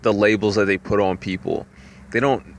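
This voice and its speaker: A man talking in a rambling, casual monologue, full of "you know" fillers, sometimes jumping up in pitch to act out voices. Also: steady tone, normal speed, a little hiss or hum. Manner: acts out voices with jumps in pitch.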